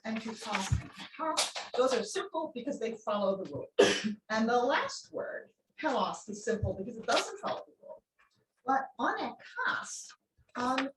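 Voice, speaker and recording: A woman's voice: a little high, background noise. A woman giving an academic seminar lecture, explaining as she goes with frequent ums and answering questions from the room. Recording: echoey room, voice a bit distant.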